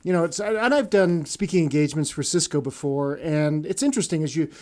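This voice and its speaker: A man's voice: a little high, fairly quick, darkish tone. Enthusiastic rambling podcast co-host man. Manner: enthusiastic, rambling with many restarts and fillers. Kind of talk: casual podcast chat.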